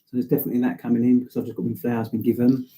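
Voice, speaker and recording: A man's voice: mid-range voice, monotone, very fast, dark tone, a little hiss or hum. A man co-hosting a livestream, giving psychic readings in a casual, rambling way. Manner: casual, rambling, many fillers. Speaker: psychic medium co-host. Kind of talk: live psychic reading chat.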